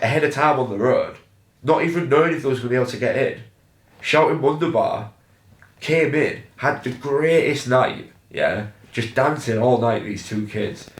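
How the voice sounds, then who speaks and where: A man's voice: mid-range voice, reverberant, poor audio. A young man with a Hull accent, a musician, telling a casual story about a gig, chatty and swearing freely. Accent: Hull, England. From England. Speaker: musician in a band.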